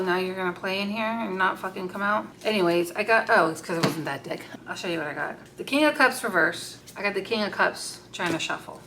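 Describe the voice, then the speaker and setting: A woman's voice: lowish voice, noisy background. A woman giving a casual, unscripted tarot reading, blunt and swearing freely as she talks to the cards aloud. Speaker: tarot card reader.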